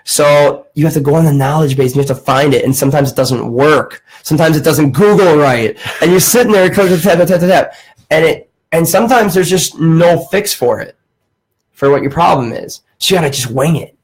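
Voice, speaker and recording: A man's voice: a little high, fairly quick, slightly rough, rough recording. A young man hosting a casual podcast, telling a story and acting out the voices of the people in it, swearing freely. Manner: animated, acts out quoted voices, swears casually. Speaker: podcast host.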